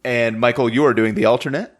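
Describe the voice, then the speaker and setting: A man's voice: medium pitch, fairly even intonation. A man hosting a podcast who laughs a lot and hesitates with frequent ums while he runs the episode. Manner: laughs often, slow, hesitant delivery with many ums. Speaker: podcast host. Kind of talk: casual podcast chat.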